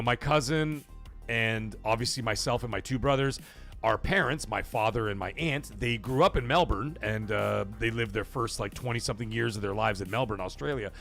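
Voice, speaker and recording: A man's voice: medium pitch, vocal fry, fairly bright tone. A man hosting a casual livestream from a home game room, rambling, swearing, laughing often and reading chat aloud. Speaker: livestream host.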